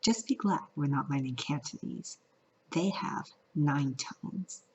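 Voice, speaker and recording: Woman, vlog lesson, playful, lively up-and-down pitch, unhurried, dull lo-fi sound. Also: a little hiss or hum. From California. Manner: playful, sings out tones. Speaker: Mandarin teacher. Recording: lo-fi audio.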